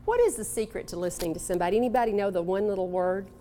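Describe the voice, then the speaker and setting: A woman from Texas giving a live motivational talk to an audience, animated and coaxing, calling on people in the room. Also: medium pitch, rapid-fire, slight background noise. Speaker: motivational speaker.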